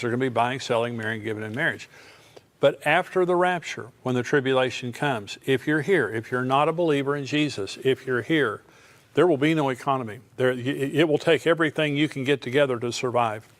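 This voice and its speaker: An older man preaching a sermon on prophecy, reading scripture aloud and then explaining it in plain, conversational asides. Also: mid-range voice. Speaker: pastor.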